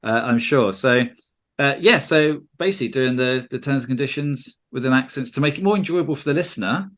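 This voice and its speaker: A man's voice: mid-range voice, lively intonation, a little fast, a bit bright. Southern english guy, jokey podcast host, rambling and chatty. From England. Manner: chatty, jokey, slips into mock regional accents. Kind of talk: casual podcast chat.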